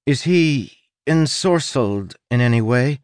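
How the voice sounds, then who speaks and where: A man's voice: mid-range voice, lively intonation, a little slow, a little mellow, no room sound, clean studio sound, voice pushed up, close to an everyday voice. A man voicing an earnest young woman adventurer in an audiobook, pleading her case in a raised voice. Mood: surprised. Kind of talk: audiobook character voice.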